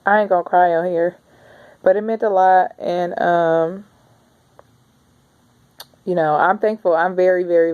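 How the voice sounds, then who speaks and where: A woman in her thirties rambles warmly through a casual video diary, chatting straight to camera. Her voice sits a little low, and the recording sounds slightly dull and lo-fi. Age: 30s. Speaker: vlogger.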